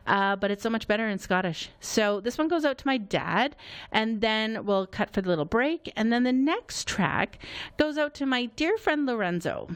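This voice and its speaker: A woman's voice: mid-range voice, animated, normal speed, clean tone. A woman hosting a live community radio show, talking in a chatty, upbeat and loosely rambling way into a studio microphone. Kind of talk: casual live radio announcing.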